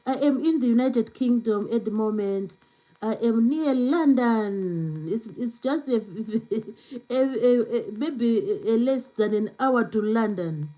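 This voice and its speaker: A woman's voice: a little high, animated, slow pace, lo-fi sound. A woman hosting a casual live stream, chatting freely with lots of "you know"s and answering viewer comments as she goes. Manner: chatty, filler-heavy with many "you know"s.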